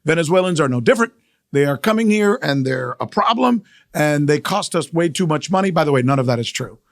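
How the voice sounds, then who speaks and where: A middle-aged male journalist hosting a podcast, giving emphatic, animated news commentary and repeating key phrases for effect. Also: on the high side, brisk, dry recording, studio quality.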